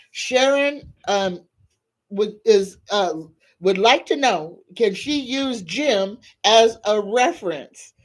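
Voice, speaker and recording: A woman hosting a live tarot reading, who leads prayers and reads viewers' questions aloud in a prayerful way. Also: a little high. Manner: slow, prayerful invocations and spoken-aloud questions. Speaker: psychic tarot reader hosting a live stream.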